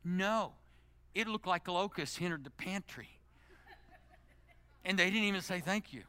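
A middle-aged male pastor delivering a sermon, swinging from loud, emphatic exhortation to hushed, intimate prayer. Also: sits high, measured pace, clean tone, no room sound. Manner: animated preaching, climbing to loud emphasis then dropping to hushed, intimate prayer.

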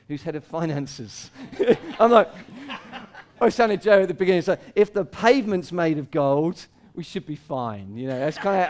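A man preaching a sermon as pastor, talking casually with laughs between points, rising for quoted cries and dropping low and quiet for scripture. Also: slight background noise.

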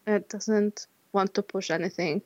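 A woman's voice: medium pitch, steady tone, unhurried, a little mellow, no echo, muffled recording. A woman co-hosting a podcast in casual chat, hesitant, often restarting and searching for words. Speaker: podcast co-host.

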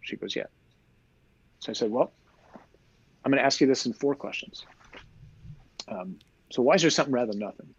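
Husky priest guy explaining stuff, lots of big why questions, kinda muffled dry recording. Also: medium pitch, fairly quick, pauses often. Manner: animated storyteller, rhetorical questions. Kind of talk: conversational teaching.

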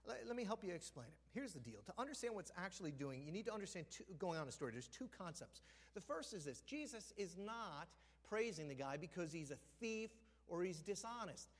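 A man preaching a sermon as a pastor, telling the story with animation, acting out the characters' lines and sometimes dropping to a hushed, near-whispered voice. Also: high-pitched, sing-song, brisk, big-room sound. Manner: drops to a hushed, almost whispered voice for effect. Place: church sanctuary.

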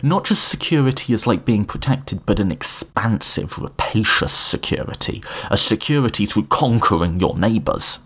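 A man's voice: fairly low pitch, moderate pace, few pauses, breathy edge. A man giving a casual spoken lecture on political philosophy, with frequent restarts and joking asides to his listeners. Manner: animated, self-correcting, informal asides.

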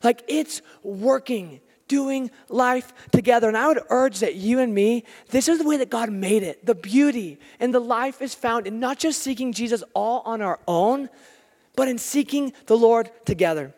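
An American man preaching a sermon, telling stories with animated, self-deprecating humor. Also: extremely high pitch, moderate pace. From United States. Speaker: pastor. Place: church hall. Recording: long hall reverb.

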